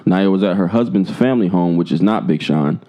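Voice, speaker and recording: A young man co-hosting a podcast in casual chat, animated, laughing and swearing freely. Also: low-pitched, a little fast, highs cut off. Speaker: podcast co-host.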